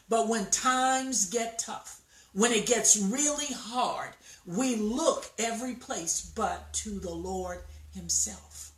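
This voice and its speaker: Slow, emphatic woman preaching. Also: mid-range voice. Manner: slow, emphatic storytelling with acted quotes. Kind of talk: sermon. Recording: echoey room, voice from far off mic.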